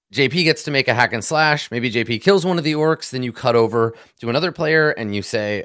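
A man explains the rules of a tabletop game in a relaxed, conversational way, patiently building up examples one step at a time. His voice sits in a middle register and is recorded close and dry, with almost no room sound. He talks like someone who knows the game well. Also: medium pitch, fairly quick, hardly any pauses, no echo. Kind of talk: casual explanatory chat.

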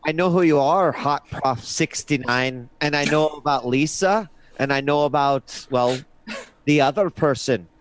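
A man's voice: on the high side, a little slow, slight background noise, close to an everyday voice, low-quality recording. A man voicing a blunt, fed-up woman investigator who makes threats in a weird put-on accent during a tabletop game. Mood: menacing.

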